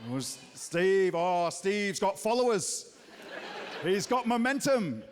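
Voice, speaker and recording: A man's voice: high voice, very animated, slow, big-room sound, background noise. A New Zealand man in his thirties doing a stand-up set on a theatre stage, punchy, with mocking asides. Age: 30s. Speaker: stand-up comedian.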